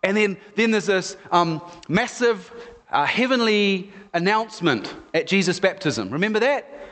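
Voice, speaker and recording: A male pastor delivering a conversational sermon full of retold stories. His fairly high voice carries through a large hall with a long, ringing reverb. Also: a little slow. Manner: conversational, storytelling, animated. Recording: echoey hall.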